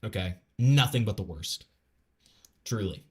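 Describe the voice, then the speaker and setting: Rambling low-voiced male streamer. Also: lively intonation, unhurried, a little mellow. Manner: rambling, filler-heavy, stammered restarts; blunt and profane. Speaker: streamer reacting to a video. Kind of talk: casual live reaction commentary.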